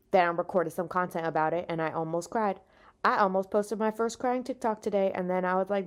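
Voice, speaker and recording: This exhausted woman, a podcast host and stand-up comedian, talks a little fast in a mid-range voice with fairly even intonation. Lying in bed without a proper microphone, using a makeshift mic, she vents frankly and profanely with self-deprecating humor in a casual solo monologue.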